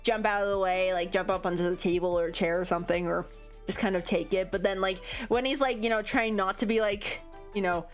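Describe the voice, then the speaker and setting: A woman's voice: medium pitch, fairly even intonation, a little fast, faint music behind. A young woman streamer chatting casually, rambling with lots of fillers and giggles, her nose a bit congested. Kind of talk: casual chat.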